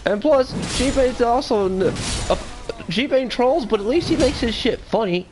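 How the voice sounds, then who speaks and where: A man co-hosting a casual podcast chat, talking in a blunt, excitable, profane way. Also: very high voice, unhurried, noisy background.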